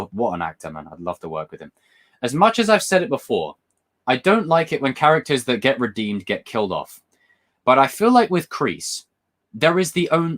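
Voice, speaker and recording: Young guy on a livestream, bouncy lively voice, rambly and repeats stuff. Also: medium pitch. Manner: excitable, rambling, repeats himself. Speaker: livestream host. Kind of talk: casual live-stream chat.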